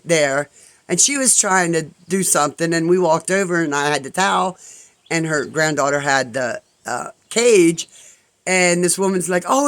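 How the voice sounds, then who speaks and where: A man in his fifties spins a casual, rambling story, full of side remarks and quoted back-and-forth. His voice sits a little high for a man. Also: a bit bright, low-quality recording. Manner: rambling, full of "I'm like" and asides. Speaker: vlogger.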